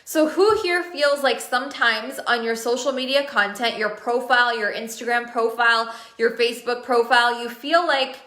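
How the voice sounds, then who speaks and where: Woman coach live on stream, higher-pitched, eager, asks viewers questions, roomy echo. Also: normal speed, hardly any pauses, pushed and bright. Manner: enthusiastic, repeats words for emphasis, asks viewers questions. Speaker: business coach running masterminds.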